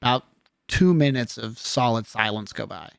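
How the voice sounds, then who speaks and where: A male game master narrates a tabletop scene in a loose, relaxed flow, full of fillers and restarts. His voice sits at a middle pitch, and the sound is dry and close-miked, with no room around it. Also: moderate pace, vocal fry, clean tone, no room sound.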